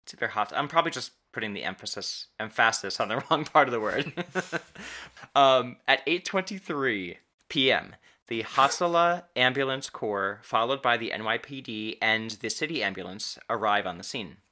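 A man hosting a podcast, recounting a true story in casual talk, pausing and stretching words for emphasis. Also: mid-range voice, lively intonation, pushed and bright. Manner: halting, restarts and stretched emphasis on key words.

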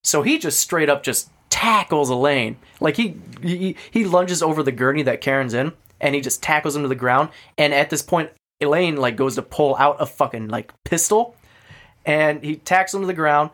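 A man's voice: a little high, normal speed, a bit bright. A man co-hosting a podcast, casually retelling a story with lots of filler words and swearing, acting out the characters' lines. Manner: swears freely, lots of fillers, acts out quotes. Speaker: podcast co-host.

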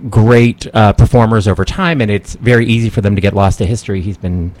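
A man's voice: fairly low pitch, brisk, darkish tone, no echo. A man chatting as a podcast guest, hesitant with many ums but enthusiastic. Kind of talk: casual chat.

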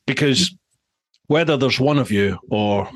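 A Scottish man in a relaxed podcast chat, his voice mid-pitched and recorded close and dry with no room around it. He tells stories with animated energy and quick asides. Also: slightly rough, no room sound. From Scotland. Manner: animated storytelling, lively asides. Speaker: podcast host. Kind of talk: casual chat.

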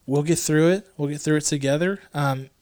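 Guy cohosting a podcast, kinda high voice, goofy rambling, dry close sound. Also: a little fast, darkish tone, clear, resonant tone, dry recording. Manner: joking, rambling, drops into low mutters. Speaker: podcast co-host. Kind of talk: casual chat.

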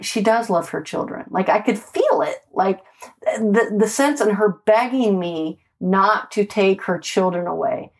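A woman's voice: medium pitch, measured pace. A woman, a homicide detective, telling stories from her street days in a casual, emphatic way, swearing and often asking "right?". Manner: animated, emphatic, swears, peppers speech with "right?" and "like". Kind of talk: casual storytelling in conversation.

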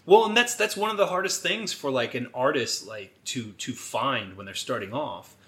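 A man in the middle of his range chatting casually as a podcast co-host. He swears without a second thought and often laughs while he talks. The tone stays relaxed and conversational. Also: mid-range voice, moderate pace. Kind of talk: casual chat.

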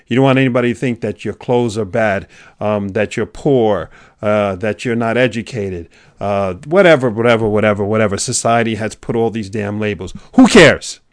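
A man giving a motivational monologue, preachy, swinging from loud urging to a hushed near-whisper. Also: lowish voice, moderate pace, no echo. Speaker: motivational speaker.

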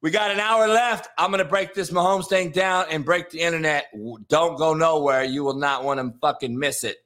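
A man's voice: on the high side, moderate pace, fairly bright tone. A man hosting a sports talk show, brash and swearing freely as he hypes his next segment and breaks down a quarterback. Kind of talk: profane sports commentary.

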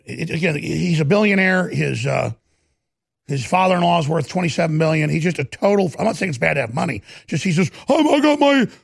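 A man's voice: fairly high pitch, a little fast, creaky, slightly rough, dry recording, clean studio sound. A man with a Texan accent hosting opinionated political commentary, sarcastic and mocking. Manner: sarcastic, mocking, slips into put-on voices.

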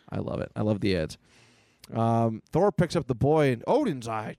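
A man's voice: medium pitch, big pitch swings, moderate pace, mellow, no echo. A man co-hosting a casual podcast, enthusiastically retelling an old comic book aloud. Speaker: podcast co-host. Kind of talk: casual chat.

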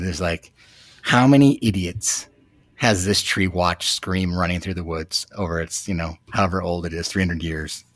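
A man in his thirties, a new father, telling a personal story in a reflective, halting way with many fillers. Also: low voice, fairly bright tone, dry recording. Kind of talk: casual storytelling.

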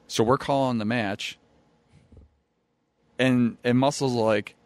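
A young man chatting casually on a podcast, swearing freely, who tells rowdy stories and acts out quotes louder. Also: mid-range voice, fairly even intonation, takes it slowly, no echo. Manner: laid-back, profane, acts out quotes loudly. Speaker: former pro wrestler, guest. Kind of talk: casual podcast chat, storytelling. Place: studio. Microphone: studio mic.

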